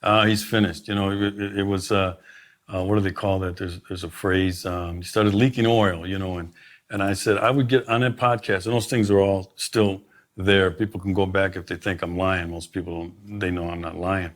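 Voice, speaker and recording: This middle-aged sheriff guest has a deep, steady voice at a moderate pace. He narrates stories with emphasis during a conversation, frequently starting his sentences over.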